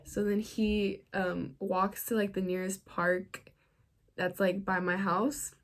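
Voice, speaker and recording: A woman's voice: medium pitch, little pitch movement, slow. A teenage girl telling a story to her vlog audience in a casual, chatty way, filling her sentences with "like" and laughing often. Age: teens. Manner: chatty, fills every phrase with "like". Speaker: vlogger.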